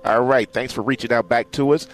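A man hosting a morning radio talk show, playful and teasing, quick to jump in. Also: mid-range voice, steady tone.

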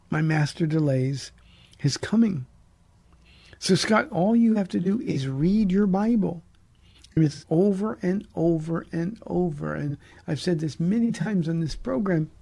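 A man's voice: on the high side, vocal fry, warm tone, slightly rough. A middle-aged man, a pastor, answering listener questions about the Bible on a radio program in an earnest, emphatic way, often restarting his sentences. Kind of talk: radio call-in Bible teaching.

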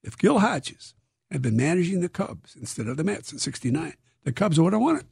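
A man, an author being interviewed, telling stories in a lively, dramatic way and acting out quotes. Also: on the high side, brisk, creaky, breathy edge, no echo, clean studio sound. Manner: lively, dramatic storyteller who acts out quotes. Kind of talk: animated interview storytelling.

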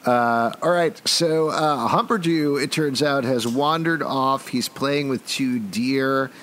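A middle-aged man co-hosts a laid-back podcast chat, recapping a TV episode with wry jokes and frequently restarting his sentences. His mid-range voice is slow and a bit bright, with slight background noise.

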